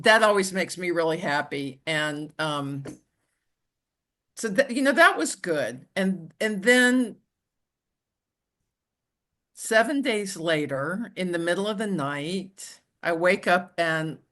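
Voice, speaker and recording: A woman telling her own story as an interview guest, in a halting way with frequent restarts and "you know". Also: lowish voice, fairly bright tone. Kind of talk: conversational personal storytelling.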